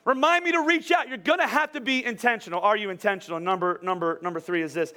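A man with a notably high-pitched voice delivers a relaxed, conversational sermon. He jokes and laughs as he goes, often doubling back on his words before pressing on. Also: fast talker. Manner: chatty, joking, with frequent laughs and repeated words. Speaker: pastor.

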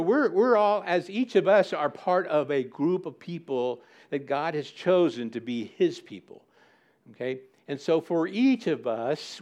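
Animated male preacher mid-sermon. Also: medium pitch. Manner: animated, plays out listeners' objections with mock indignation; explanatory, repeats key words for emphasis. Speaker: pastor.

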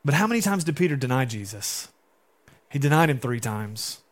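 A man's voice: medium pitch, sing-song, normal speed. A young adult man preaching a sermon in a casual, conversational way, acting out quotes. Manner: conversational, acts out quotes in different voices. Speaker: pastor.

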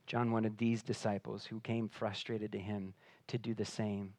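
A man preaching a sermon, swinging between hushed, intimate passages and loud, emphatic declarations. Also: lowish voice, flat delivery, a little slow, no room sound. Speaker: pastor.

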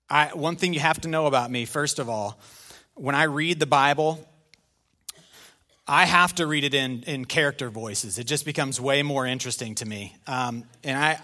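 A middle-aged male pastor delivers a sermon in an animated, conversational style, laced with self-deprecating humor. His voice is a little high.

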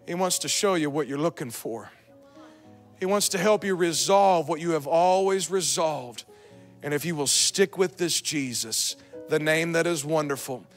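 Man, pastor, sermon, bright forceful voice, slightly high, calm storytelling, faint music behind. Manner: builds to fervent shouted exhortation; calm storytelling, quiet asides. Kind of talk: sermon with altar call.

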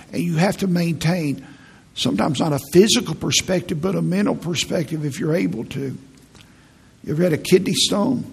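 A man preaching a sermon in a folksy, animated way, often repeating words as he goes. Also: fairly high pitch, gravelly, breathy edge. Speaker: pastor.

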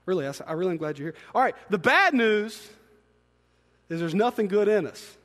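High-voiced preacher in a big hall. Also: male voice, a little fast. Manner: animated, swinging between hushed asides and loud emphatic peaks. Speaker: pastor. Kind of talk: sermon. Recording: long reverb in a large hall.

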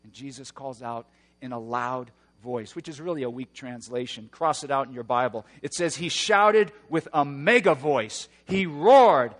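A man preaching a sermon, moving between hushed, slow passages and loud, roaring emphasis. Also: medium pitch, long reverb tail. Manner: dynamic preaching, swings from hushed to shouting. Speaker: pastor.

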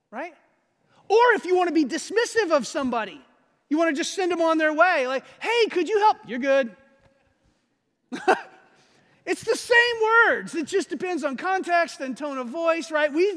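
A man preaching a sermon, animated and laughing often as he acts out quotes. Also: very high voice. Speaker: pastor. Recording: long hall reverb.

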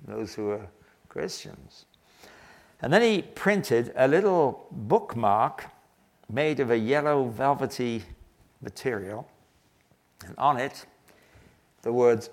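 An older man preaching a sermon, telling a story earnestly and slowing down to stress key phrases. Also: mid-range voice. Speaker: pastor.

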